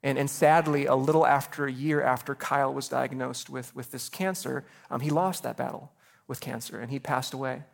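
A man's voice: medium pitch, fairly even intonation, normal speed, vocal fry. A man in his thirties preaching a sermon as a pastor, earnest and personal, often repeating words as he starts a phrase. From Chicago area.

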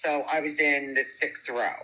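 A woman, a guest telling a story in animated, chatty talk. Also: deep voice, moderate pace, low-quality recording. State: single parent. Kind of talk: casual storytelling chat.

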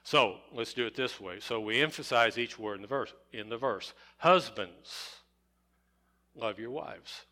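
A middle-aged man preaching a sermon, deliberate and repetitive, stressing single words and building to emphatic peaks. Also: medium pitch, sharp tone. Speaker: pastor.

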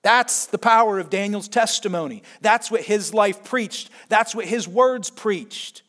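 A man preaching a sermon, telling a story expressively and swinging between hushed asides and emphatic points. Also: high-pitched, unhurried. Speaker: pastor.

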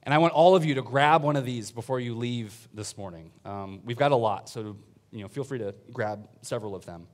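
A man's voice: medium pitch, a little fast. Man preaching a chatty sermon. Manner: informal, chatty preaching with fillers and laughs. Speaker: priest and church planter. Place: church sanctuary with congregation.

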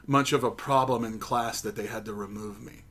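A man's voice: fairly low pitch, steady tone, a little fast, fairly bright tone. A young man hosting a casual podcast chat, blunt and teasing, swearing freely. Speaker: podcast host.

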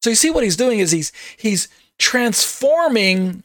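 Earnest man with a higher voice teaching Bible. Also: big pitch swings, measured pace, fairly bright tone, no echo, studio quality. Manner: earnest, emphatic, repeats himself with many fillers.

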